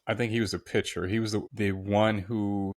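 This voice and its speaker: A man with a fairly low voice co-hosts a casual podcast. He chimes in briefly and recalls details haltingly, sounding a little distant from the mic. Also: little pitch movement. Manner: brief agreeing interjections, halting recollection. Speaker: podcast co-host.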